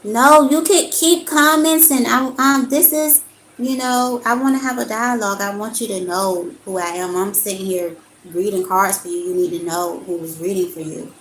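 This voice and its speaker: A woman's voice: mid-range voice, steady tone, normal speed, roomy sound, a little hiss or hum, low-quality recording. A woman giving an earnest spiritual card reading to her viewers, talking straight to them and calling them y'all. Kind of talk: live-stream card reading and talk.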